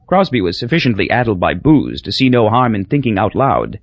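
A man reading a novel aloud as the narrator, in a dry, measured storytelling manner. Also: on the low side, very animated, gravelly, slightly rough, no echo. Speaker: audiobook narrator. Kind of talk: scripted narration. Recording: dull lo-fi recording.

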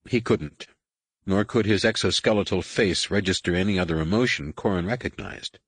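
A man narrating an audiobook with an expressive, varied delivery. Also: low-pitched, moderate pace, husky, no echo. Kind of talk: scripted narration.

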